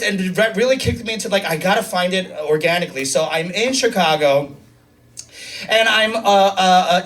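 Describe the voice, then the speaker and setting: A man in his thirties doing a chatty, self-mocking stand-up set, jumping into high squealing impressions. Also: a bit bright, distant mic. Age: 30s. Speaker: stand-up comedian. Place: comedy club stage. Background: audience laughter.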